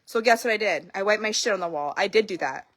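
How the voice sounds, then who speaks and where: A woman's voice: mid-range voice, quick pace, fairly bright tone, no echo. A young woman vlogging in a casual confessional monologue, candid and blunt, swearing freely and telling her story with animation.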